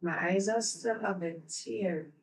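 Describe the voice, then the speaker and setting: A woman's voice: mid-range voice, vocal fry, distant mic. A woman giving a makeup tutorial, talking viewers through each step. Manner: slow step-by-step instructions to viewers. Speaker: beauty vlogger. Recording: roomy, away from the mic.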